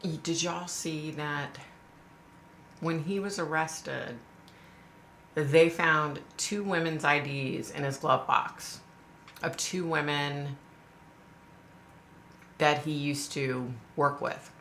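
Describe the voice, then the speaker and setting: Female live-stream host, low tense voice, chatty and emphatic, echoey room. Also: steady tone, takes it slowly, long pauses, a bit bright, a little hiss or hum. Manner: chatty and emphatic, addresses viewers directly. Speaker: livestream host. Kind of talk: casual live-stream chat to viewers.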